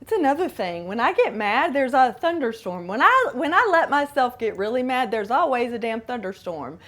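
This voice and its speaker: A woman's voice: fairly high pitch, sing-song, moderate pace, a bit bright. A middle-aged woman hosting a podcast, candidly telling a personal story with dramatic asides. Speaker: podcast host.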